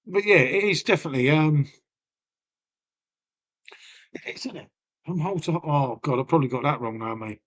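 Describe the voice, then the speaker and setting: A man's voice: fairly high pitch, a little slow, long pauses, a bit bright. A man with a Lincolnshire accent chatting casually on his live stream, bantering with viewers, swearing freely and calling everyone mate. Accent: Lincolnshire English. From Lincolnshire, England. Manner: folksy, peppered with "mate" and "innit".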